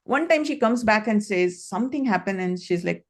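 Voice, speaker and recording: A woman's voice: medium pitch, expressive, brisk. A middle-aged woman from India with an Indian English accent, coaching parents in an online session over a video call and acting out quoted dialogue as she tells stories. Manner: storytelling, acts out quoted dialogue.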